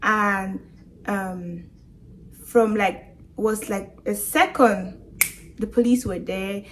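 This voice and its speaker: A woman's voice: mid-range voice, extremely slow, a little hiss or hum. A young woman vlogger retelling a frightening personal experience as a storytime testimony. She speaks with raw emotion and acts out the voices of the people in her story.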